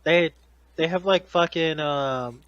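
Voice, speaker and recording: A man co-hosting a podcast, reacting in excitable, profane banter. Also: on the high side, slow pace, clean tone, no room sound, lo-fi sound. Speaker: podcast co-host. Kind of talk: casual chat.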